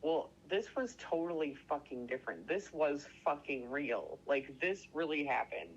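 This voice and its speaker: A man telling a story in casual chat, excitable and rambling, swearing constantly and stuffing every sentence with "like". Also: on the high side, a little slow, lo-fi sound, a little hiss or hum. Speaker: podcast co-host.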